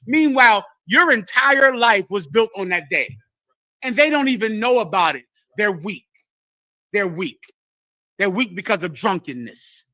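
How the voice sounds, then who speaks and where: Male teacher, sermon-style delivery, blunt and emphatic; high pitch, dry close sound. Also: expressive, a little slow, bright, forceful tone, no room sound. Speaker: teacher leading a congregation class.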